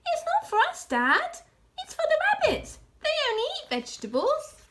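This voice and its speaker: A woman reading aloud and voicing the smallest fox cub, eager and squeaky. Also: huge pitch swings, normal speed, background noise, heavily acted. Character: tiny, clever young fox cub.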